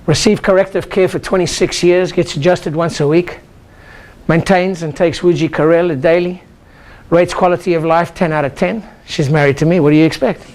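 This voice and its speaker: A man's voice: fairly high pitch, fairly even intonation, normal speed, darkish tone, a faint crowd, a little hiss or hum. An older man, a chiropractor, giving an exclamatory motivational seminar talk and leading the audience in call-and-response chants. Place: lecture room with a live audience.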